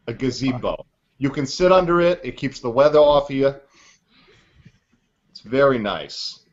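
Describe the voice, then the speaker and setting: Brief: a man doing a slow, drawling impersonation that swoops high and low and is full of teasing pauses, on dull lo-fi audio. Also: natural voice. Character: man doing a put-on celebrity impression with an odd accent.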